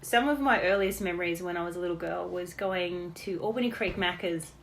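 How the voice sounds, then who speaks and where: Australian woman with a lower voice, talking off the cuff and fondly recalling family stories, chatty. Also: a little fast, a little hiss or hum. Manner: chatty, reminiscing, laughs between stories. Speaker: daughter giving a birthday message. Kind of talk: unrehearsed personal birthday message.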